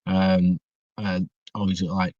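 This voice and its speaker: A man's voice: deep voice, little pitch movement, slow, warm tone, dry recording. A young man, chatting as a podcast guest in a rambling way full of restarts and fillers. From northwest England. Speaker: guest wrestler. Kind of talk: casual podcast chat. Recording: dry, dull muffled recording.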